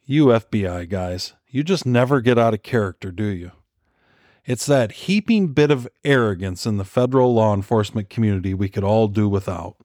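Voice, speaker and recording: A man voicing an older male rebel leader speaking calmly and smugly over a video call, in an audiobook. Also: fairly low pitch, normal speed, no room sound, clean studio sound, close to an everyday voice.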